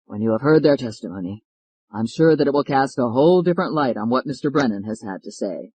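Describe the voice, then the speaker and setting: A man voicing a feverish, hoarse defense lawyer who speaks low and strained, in an audiobook read in a dry studio. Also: expressive, fast, a little mellow, dry recording, low-quality recording. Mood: earnest.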